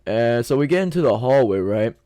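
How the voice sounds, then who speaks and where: A man's voice: medium pitch, expressive, brisk, mellow, dry recording, studio quality. A young man vlogging a casual story time, telling it in a loose, slangy way with lots of quoted back-and-forth.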